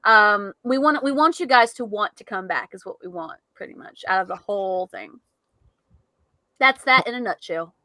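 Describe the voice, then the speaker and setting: Bright-voiced chatty young woman co-host. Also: medium pitch, animated, moderate pace, no room sound. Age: young adult. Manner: chatty, laughs often, swears casually. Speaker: podcast co-host. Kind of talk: casual live podcast chat.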